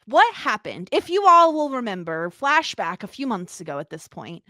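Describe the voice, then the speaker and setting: A woman's voice: on the high side, moderate pace, no echo, clean studio sound. A woman in her thirties co-hosting a podcast in casual, jokey chat. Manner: animated, jokey, bursts into laughs. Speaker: podcast co-host.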